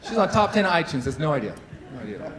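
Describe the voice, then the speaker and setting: A man's voice: fairly high pitch, big pitch swings, very fast, crowd noise, low-quality recording. A man in his thirties doing a stand-up comedy set, chatty and self-deprecating, with lots of fillers. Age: 30s. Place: large hall with a live audience. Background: audience laughter.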